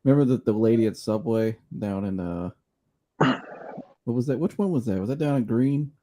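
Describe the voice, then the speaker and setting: A young man hosting a live sports show, telling stories with loud impressions and chatting about rankings. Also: mid-range voice, moderate pace. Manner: animated storyteller, loud impressions. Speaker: podcast host. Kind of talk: casual sports chat.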